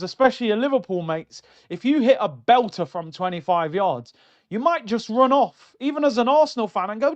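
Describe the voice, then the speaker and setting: A middle-aged man rants through viewer comments on a football live stream, mocking and animated. His voice sits high for a man. The streaming mic sounds a little dull and lo-fi. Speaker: football fan channel host reading viewer comments. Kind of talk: casual live-stream rant.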